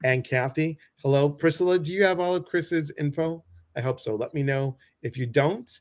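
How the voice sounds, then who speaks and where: A man's voice: fairly high pitch, normal speed. A man with a Midwestern American accent hosting a casual livestream, greeting viewers by name and cracking jokes over a video call. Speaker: host.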